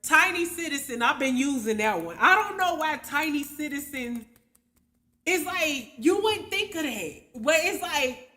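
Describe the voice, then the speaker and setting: A woman hosts a casual livestream in a high, animated, sharp-toned voice at a measured pace, chatting loosely and slangily with viewers. She chuckles often and spells out their names letter by letter.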